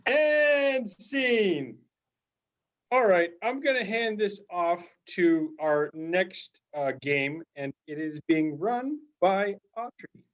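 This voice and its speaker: A woman's voice: mid-range voice, expressive, slow. A woman performing improv comedy over a video call, chirpy and upbeat.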